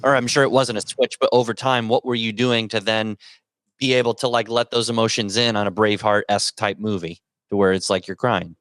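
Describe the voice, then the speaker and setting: A man's voice: on the low side, steady tone, fairly quick, a bit bright, dry recording. A man on a podcast asking rambling questions, rephrasing as he goes. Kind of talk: casual podcast chat.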